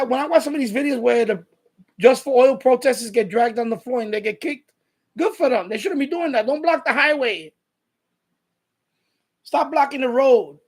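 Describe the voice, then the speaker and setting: Husky, profane New man ranting. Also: very high voice. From New York. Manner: profane, blunt, combative. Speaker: live stream host. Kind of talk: casual ranting monologue.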